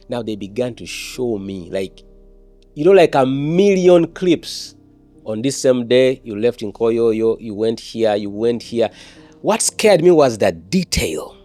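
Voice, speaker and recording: An evangelist shares his personal testimony in an interview, speaking slowly in a mellow, mid-range, animated voice. He is earnest and often repeats words or starts over, with faint music in the background.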